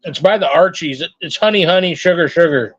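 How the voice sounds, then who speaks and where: A man's voice: a little high, brisk, breathy edge. A man chatting casually and rambling while opening trading cards, joking and reading out names. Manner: rambling, jokey, sings and mutters names. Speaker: card collector vlogger. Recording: dull lo-fi sound.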